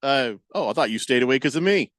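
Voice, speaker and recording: Medium-pitched and fast-talking, with no echo, a man runs a sports radio show in a casual way. He reads what listeners text in and rants with animated exasperation, throwing in mock-quoted voices.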